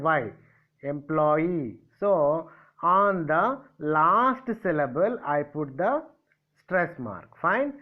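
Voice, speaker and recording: Slow high-voiced male teacher, tinny audio. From India. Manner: repetitive, spells out letters, asks and answers own questions. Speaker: English teacher. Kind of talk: classroom grammar lesson.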